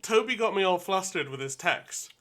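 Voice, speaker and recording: A man playing a tabletop game, telling his character's actions in an animated way. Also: high-pitched, moderate pace. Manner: animated, laughing storytelling. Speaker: player.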